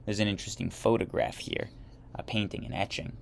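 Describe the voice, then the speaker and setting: A man with a fairly low voice reads a history lesson straight from the textbook. He trips over words, corrects himself, and breaks off for casual remarks. A faint hum sits under his voice. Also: steady tone, fairly quick, gravelly. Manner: stumbling reads with self-corrections and chatty asides. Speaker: history teacher. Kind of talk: reading a history textbook aloud.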